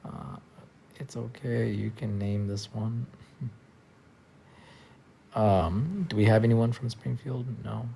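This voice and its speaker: Tired, gravelly low-voiced man on stream. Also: slow pace, long pauses, a little hiss or hum. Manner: tired, soft-spoken, trailing off with many fillers. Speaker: livestreamer. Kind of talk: casual live stream chat. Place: friend's house, indoors.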